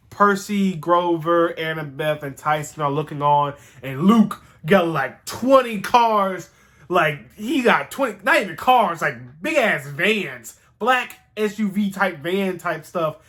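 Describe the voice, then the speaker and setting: A man with a notably high voice for his sex rambles through a casual recap. He sounds animated and excitable and swears freely as he talks. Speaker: show host reviewing a TV series.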